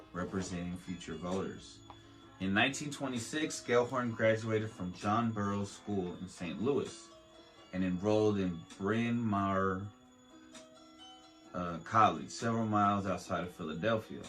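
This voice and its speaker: A man with a low, fairly bright voice hosts a podcast, reading a history aloud with stumbles, restarts and joking asides. The recording is low quality, with a faint beat playing beneath his voice.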